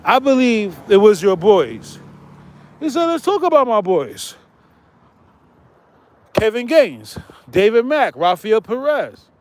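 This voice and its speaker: A man's voice: high voice, very animated, slow pace, long pauses, darkish tone. A man hosting his own channel, talking casually in street slang, rambling and repeating himself as he tells stories. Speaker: channel host. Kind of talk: casual livestream commentary. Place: outdoors near traffic.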